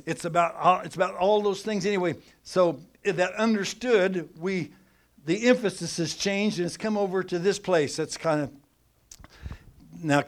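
A middle-aged man preaching a sermon, teaching with animated emphasis that swings between loud and soft. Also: fairly high pitch.

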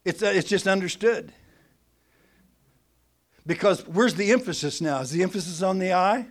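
A middle-aged man preaching a sermon, teaching with animated emphasis that swings between loud and soft. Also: sits high, normal speed.

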